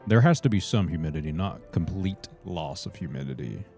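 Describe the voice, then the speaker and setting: A man's voice: sits low, fairly quick, creaky, soft background music. A man chatting casually on a gameplay livestream, talking to viewers and calling them brothers. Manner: relaxed, chatty, reads chat and greets viewers as brothers.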